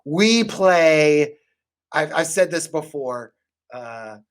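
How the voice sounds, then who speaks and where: A man rambles casually about his tabletop game, cussing freely and restarting his sentences. His voice sits a little high for a man. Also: lively intonation, drawn-out words. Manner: rambling, swearing, acts out table quotes. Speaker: podcast guest or host talking tabletop games. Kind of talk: casual chat.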